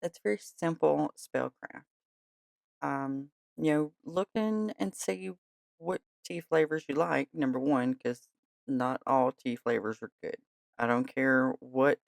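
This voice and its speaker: A tired late-night podcast host with a gentle, reassuring way of talking. The voice carries plenty of vocal fry and a gravelly edge. It is recorded close and dry, with no room sound. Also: medium pitch, no room sound. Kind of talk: casual podcast talk.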